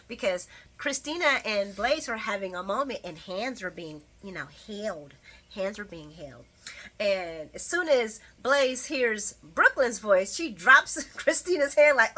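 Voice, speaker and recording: A woman's voice: fairly high pitch, sing-song, a little slow, bright, forceful tone. A woman recapping a soap opera episode in casual chat, full of sassy asides and frequent laughter.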